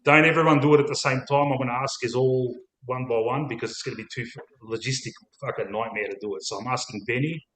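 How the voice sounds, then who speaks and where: A man with an Australian accent hosting a casual live stream, matey and quick to swear. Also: medium pitch, a bit bright. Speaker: host. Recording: echoey room.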